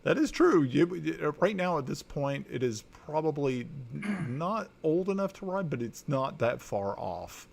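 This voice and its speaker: Gm narrating a tabletop game, guy with a gravelly voice, lots of ums and uhs. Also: a little high, sing-song. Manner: halting, many fillers and restarts. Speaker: dungeon master.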